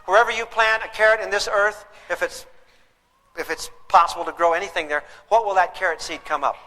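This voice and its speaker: Fairly quick and forceful, with a bright, high voice, a man leads a comic parenting seminar before a live audience, firing questions straight at them. Long reverb fills the lecture hall.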